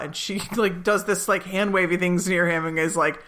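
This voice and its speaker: A woman co-hosting a podcast, chatting casually as she recaps a TV episode, with many asides and quick laughs. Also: lowish voice, fairly even intonation, fairly bright tone. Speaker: podcast co-host.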